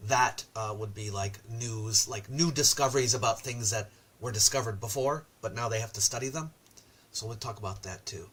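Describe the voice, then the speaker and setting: A man's voice: fairly high pitch, pushed and bright. A man hosting a casual livestream about ancient history, chatting loosely with viewers and reading their comments aloud between frequent ums and uhs. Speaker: host and ancient history lecturer.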